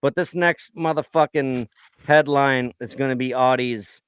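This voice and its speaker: A man's voice: medium pitch, fairly even intonation, measured pace, fairly bright tone, clear, resonant tone, no room sound. Profane ranting man on a podcast. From United States. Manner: profane, ranting, mimics voices in stories. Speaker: podcast co-host. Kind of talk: crude casual chat.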